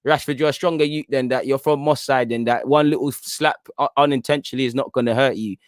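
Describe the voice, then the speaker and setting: A man's voice: mid-range voice, steady tone, quick pace, clean tone, dry recording, clean studio sound. A young man giving live, chatty fan commentary on a football match, pleading with players and the referee as play goes on. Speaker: host of a football watchalong stream.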